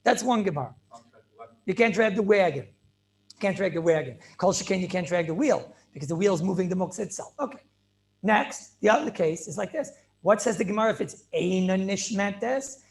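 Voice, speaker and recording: A man's voice: high-pitched, animated, normal speed, vocal fry. A man teaching a Talmud class over a video call as a rabbi, emphatic and repetitive, with Hebrew and Yiddish terms mixed into his English. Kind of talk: animated Torah lecture.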